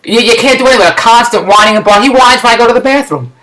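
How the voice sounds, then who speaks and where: A man's voice: extremely high pitch, very fast, echoey room, noisy background. A middle-aged man from Philadelphia, ranting in a rambling, exasperated way on his video blog. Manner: rambling, exasperated, loud rants. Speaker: vlogger.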